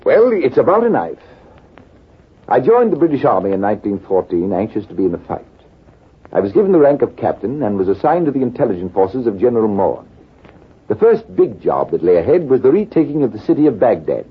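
A composed army major in a 1940s radio play, telling his war story in a measured way. His husky voice rises and falls in a lively way. The recording is thin and tinny. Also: lowish voice, heavily acted. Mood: calm. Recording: tinny, lo-fi old radio broadcast.

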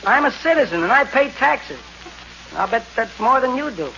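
A man's voice: very high-pitched, sing-song, normal speed, vocal fry, bright, forceful tone, a little hiss or hum. A man telling a brash, wisecracking comic story as a 1930s radio comedy monologue. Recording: lo-fi old radio recording.

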